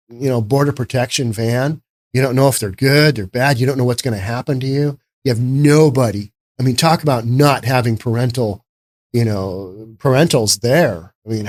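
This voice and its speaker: A man's voice: medium pitch, normal speed. A man giving casual political commentary in a sarcastic, rambling way.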